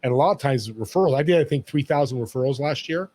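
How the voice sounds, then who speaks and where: A man's voice: medium pitch, fast, darkish tone. A man on a podcast as a guest, talking in an emphatic, storytelling way about serving others. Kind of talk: motivational interview talk.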